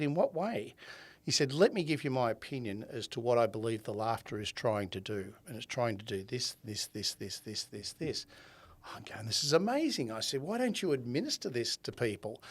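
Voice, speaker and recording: A man in his seventies with an Australian accent, a podcast guest who tells his story with energy, acting out quoted dialogue and often laughing. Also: medium pitch. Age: 70s. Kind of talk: conversational storytelling.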